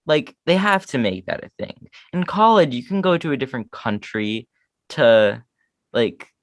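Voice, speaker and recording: American guy cohost, jokey and down on himself, bouncy pitch, dry mic. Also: normal speed, dry recording. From United States. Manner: self-deprecating, animated, lots of fillers. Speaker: podcast co-host. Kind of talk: casual chat.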